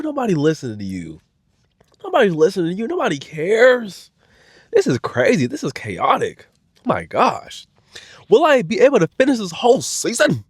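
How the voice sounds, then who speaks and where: Animated man recapping a reality show. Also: brisk, breathy edge, dry recording, studio quality. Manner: animated, dramatic, acts out quotes in high voices. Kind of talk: casual reaction commentary.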